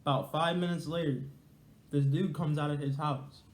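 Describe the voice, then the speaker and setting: A man's voice: on the high side, steady tone, normal speed, roomy sound. A young man telling a casual, slangy, rambling story to his viewers. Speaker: storyteller vlogger.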